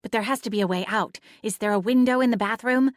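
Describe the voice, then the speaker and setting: A woman's voice: fairly high pitch, fast, no room sound, voice pushed up, lightly acted. Woman doing a bossy talking cat, female, blunt, scolding, dry close sound. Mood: urgent hissing. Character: sharp-tongued female cat familiar.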